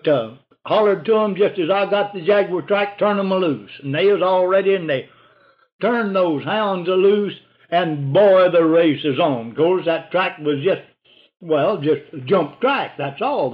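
Older man with a high, folksy drawl. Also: lively intonation, a little slow. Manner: folksy, rambling, drops to a hushed voice for whispered lines. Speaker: storyteller. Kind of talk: oral history storytelling. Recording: dull lo-fi recording.

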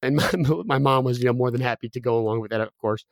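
A man in his thirties, a podcast guest, telling a personal story quickly with many restarts and fillers. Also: medium pitch, vocal fry, no echo. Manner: rapid, with frequent restarts and fillers.

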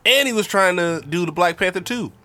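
A man's voice: high voice, expressive, a little fast, bright, forceful tone. A young man hosting a podcast, laid-back and conversational as he steers the chat. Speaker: podcast host. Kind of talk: casual chat.

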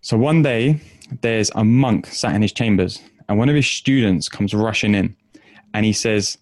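A man, an author and coach, telling stories and answering viewers in a casual livestream Q&A, chatty and quick, with lots of fillers. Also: on the low side, a little mellow, dry recording, studio quality.

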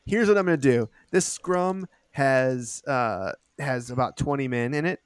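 A man narrating as game master of a tabletop role-playing game, chatty, laughing and giving the side characters quick voices. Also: medium pitch, clean tone, no echo, studio quality.

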